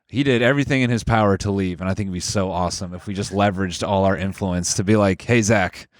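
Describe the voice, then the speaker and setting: A man's voice: low voice, fairly even intonation, fast talker, no room sound, clean studio sound. A man co-hosting a casual podcast, joking and swearing freely with his friends. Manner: jokey, swears freely, slips into loud mock voices. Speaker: podcast co-host. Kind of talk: casual banter among friends.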